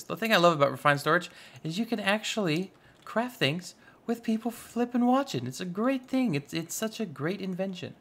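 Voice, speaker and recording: Sex: man. Role: gaming host. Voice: gravelly, playful. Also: sits high, animated, moderate pace, fairly bright tone. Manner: playful, goofy, self-mocking. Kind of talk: casual let's-play commentary.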